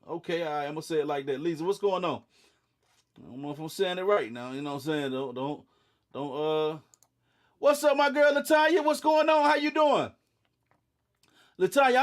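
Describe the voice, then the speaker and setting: A man's voice: sits high, lively intonation, normal speed, pauses often. A young man hosting a casual livestream, greeting viewers by name in a laid-back, sleepy way and often saying "you know what I'm saying.". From eastern North Carolina. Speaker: livestream host.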